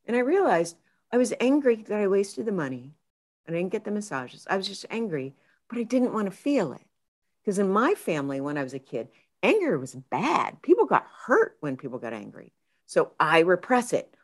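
A woman therapist and author, a guest on a podcast, telling stories in a casual, expressive way and acting out her own inner voice. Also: on the low side, a little fast.

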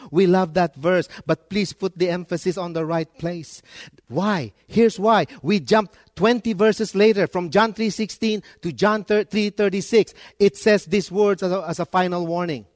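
A man pastor preaching a sermon, emphatic, swinging from soft asides to loud stresses. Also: high-pitched, fairly even intonation, moderate pace, dry recording, clean studio sound.

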